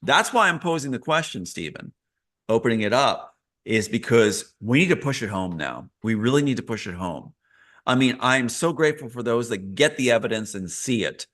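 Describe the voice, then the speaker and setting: A man's voice: medium pitch, very animated, moderate pace, a bit bright. Earnest, emphatic man. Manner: earnest, emphatic, repeats key phrases. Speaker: interview guest, writer. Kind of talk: live interview.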